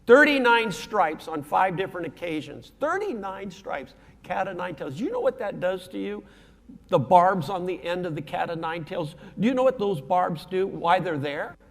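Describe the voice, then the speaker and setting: A man preaching a sermon as pastor, in an animated, conversational way with casual slang and acted-out quotes. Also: sits high, moderate pace. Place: church sanctuary. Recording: long hall reverb from a church sanctuary.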